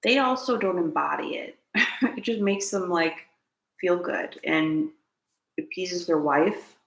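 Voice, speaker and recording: Woman, low gravelly voice, earnest preachy self-help host, echoey room. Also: takes it slowly. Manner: earnest, preachy, repeats key lines, asks viewers to comment. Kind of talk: spiritual self-help talk to camera.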